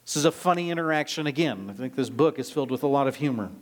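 Preaching at a quick pace, this medium-pitched man uses lively intonation while expounding a scripture passage one verse at a time. He reads the text aloud and drives his points home emphatically.

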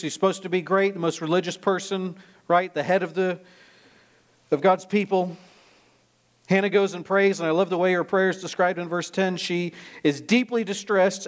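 A man preaching a sermon, explaining a scripture passage verse by verse with emphatic delivery. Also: sits high. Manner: expository, emphatic, reads scripture aloud.

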